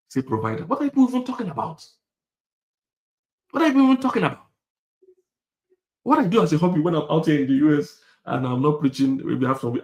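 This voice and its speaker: A man preaching a sermon, repeating his points, laughing, and swinging from loud to hushed. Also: a little high. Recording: echoey hall.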